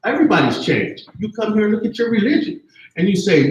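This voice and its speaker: A man's voice: high-pitched, huge pitch swings, brisk. Fired-up guy in his 50s sounding off at a campus panel, swears a lot, voice jumps all over, big echoey room. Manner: passionate, profane, keeps asking "you see what I'm saying". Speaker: audience member at a campus panel. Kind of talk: impassioned spoken comment. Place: campus event hall.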